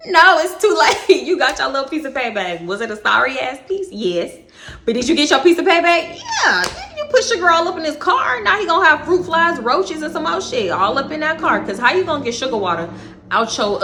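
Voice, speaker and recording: A woman with a Texas accent tells a casual storytime in a bright, fairly high voice. She is animated and dramatic and swears freely as she talks. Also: moderate pace, a little hiss or hum. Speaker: vlogger.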